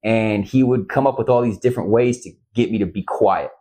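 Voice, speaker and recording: A man's voice: lowish voice, fairly quick, warm tone. A man from Central Illinois, a guest musician, telling a story in a casual podcast interview, rambling and swearing often. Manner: rambling and profane, often asks "you know what I mean".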